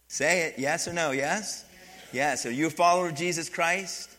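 A middle-aged man, a pastor, preaching a sermon in an animated way, dropping quiet and then building up, often asking the congregation questions. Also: a little high, normal speed.

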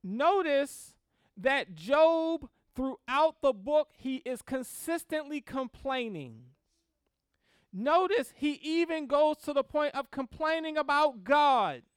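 A woman teaching a Christian class on grief in a lively, conversational way, often laughing and checking in with the class. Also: high voice, slow pace, no room sound, studio quality. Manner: animated, laughs often, acts out prayers in quotes; checks in with "right?" and "okay?".

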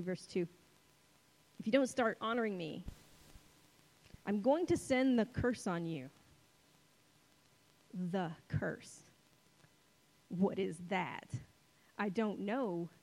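A woman preaching a sermon in a conversational, playful way, slowing for dramatic pauses on key words. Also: medium pitch, darkish tone, poor audio.

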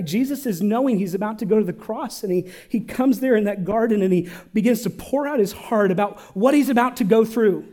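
High-voiced preaching pastor. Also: male voice, fairly quick, few pauses. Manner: preaching with call-and-response, swinging from loud to hushed. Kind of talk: sermon.

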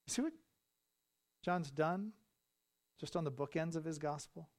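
A male pastor delivering a sermon in a church, building to loud, emphatic repeated phrases. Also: on the high side, measured pace. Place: church sanctuary.

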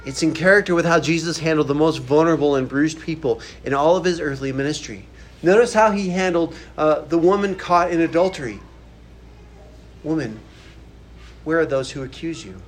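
A man's voice: fairly high pitch, fairly quick, slight background noise. A man preaching a sermon as a pastor, casual and conversational with slangy asides.

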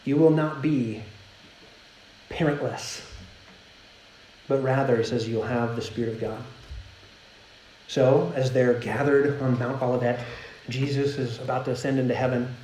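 A man's voice: mid-range voice, a little slow, pauses often, a little hiss or hum. Man preaching in an echoey room. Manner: conversational preaching, animated in retellings. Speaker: pastor. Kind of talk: sermon. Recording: roomy echo.

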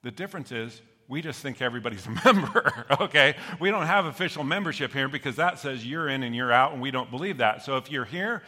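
A middle-aged male pastor preaching a sermon to his congregation, lively and jokey, often checking in with "okay?". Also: medium pitch, fast, few pauses, in a large hall. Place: church sanctuary.

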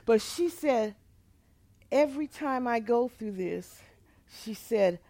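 A woman pastor telling a personal testimony in a sermon, moving between quiet, hushed storytelling and loud, emotional outbursts. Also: fairly high pitch, lively intonation, slow, dry recording.

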